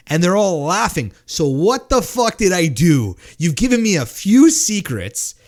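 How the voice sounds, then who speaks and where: A man's voice: fairly high pitch, big pitch swings, a little mellow. A man co-hosting a casual drinking podcast, rambling and swearing, with lots of fillers and restarts. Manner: rambling, profane, halting with fillers. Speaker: podcast co-host. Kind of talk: casual drinking-show chat.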